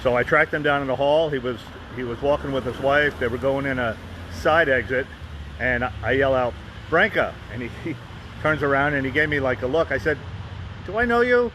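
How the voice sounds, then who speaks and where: Live-streaming from his phone outdoors, a vlogger and fan group host rambles casually with frequent restarts and asides. His medium-pitched voice is fairly even, a little fast, pushed and bright, with a slight hiss or hum.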